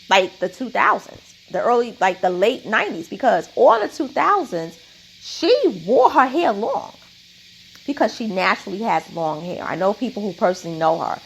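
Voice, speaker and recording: A woman's voice: mid-range voice, gravelly, husky, poor audio. A woman giving an opinionated commentary monologue, emphatic and repeating her points with a questioning "okay?".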